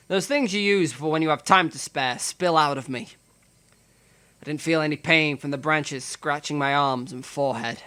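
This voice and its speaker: A man reads a visual novel's text aloud for his stream, giving the lines a dramatic delivery. His voice sits a little high and sounds bright and forceful. He keeps breaking off for joking, profane asides.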